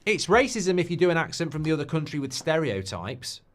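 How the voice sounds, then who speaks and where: A man's voice: a little high, sing-song, fairly quick. A man hosting a live football watchalong stream, chatting casually and reacting to viewer messages. He is opinionated and keeps tacking on tag questions, and he gets heated and ranty when he makes a point.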